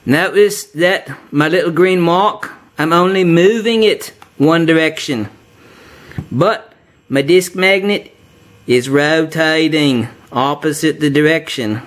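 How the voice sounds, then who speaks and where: A man's voice: fairly high pitch, a bit bright. A man giving a hands-on tabletop demonstration lesson, explaining step by step and joking with a mock Australian "mate". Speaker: science demonstrator.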